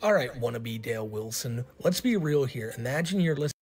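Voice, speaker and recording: A man's voice: medium pitch, expressive, normal speed, a little mellow, soft background music. A man on a commentary stream, joking sarcastically and laughing through his points. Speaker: stream co-host. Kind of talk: casual commentary chat.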